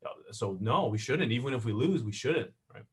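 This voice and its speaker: A middle-aged man teaching a live online real estate class in an animated way, often checking in with "right?". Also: medium pitch, brisk.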